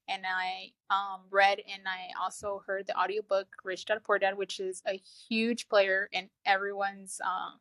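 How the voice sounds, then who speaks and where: Woman in her thirties, casual storytelling, animated, laughs a lot, dry close sound. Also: no echo. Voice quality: low, flat-sounding voice she calls sad over the phone. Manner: animated, laughs often, acts out her own thoughts. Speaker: guest telling her story.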